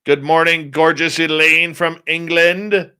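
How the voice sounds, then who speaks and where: A man's voice: a little high, flat delivery, a little slow, sharp tone, clean tone. A middle-aged man hosting a radio show, chatting casually, greeting viewers by name and ranting bluntly. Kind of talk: casual live-stream chat.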